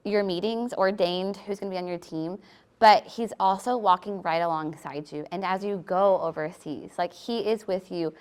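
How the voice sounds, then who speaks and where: A woman's voice: fairly low pitch, steady tone, clear, resonant tone. A woman on a ministry panel, a wife and mother, sharing a Bible verse in a chatty way with many "like" fillers. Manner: warm, chatty, many "like" fillers, quick little laughs. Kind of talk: personal devotional sharing on a panel.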